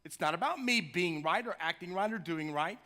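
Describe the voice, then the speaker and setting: A man's voice: sits high, lively intonation, a little fast, sharp tone. A middle-aged man preaching a sermon in a church, talking to the congregation in a chatty, joking way and building to passionate cries. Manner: conversational, jokey asides, rising to impassioned cries. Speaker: pastor. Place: church sanctuary.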